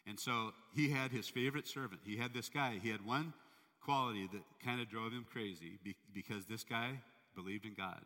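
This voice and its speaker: A man preaching a sermon, telling a story in a conversational, animated way. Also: on the low side, normal speed, long reverb tail. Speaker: pastor.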